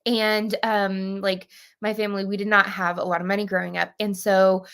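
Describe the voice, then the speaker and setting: A woman's voice: mid-range voice, level tone, normal speed, fairly bright tone, clear, resonant tone. A woman in her thirties hosting a book club livestream, bubbly and chatty, greeting viewers by name. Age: 30s. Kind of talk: casual livestream chat.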